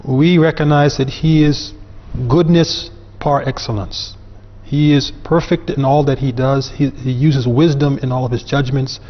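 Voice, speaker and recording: A man's voice: mid-range voice, fairly even intonation, a little slow. Man, earnest, emphatic explainer, long hall reverb, dull lo-fi sound. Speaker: panel guest. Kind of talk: religious discussion.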